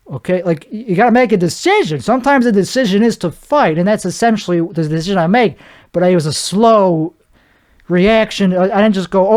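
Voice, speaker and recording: A man's voice: high-pitched, brisk, darkish tone. A man hosting a solo podcast, rambling from one thought to the next in a joking, self-deprecating way. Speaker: podcast host.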